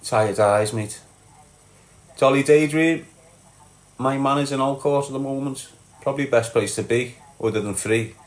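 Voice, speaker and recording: A man's voice: medium pitch, moderate pace, long pauses. A Scouse man from Liverpool, middle-aged, reading his chat live and answering viewers bluntly, calling everyone lad and mate.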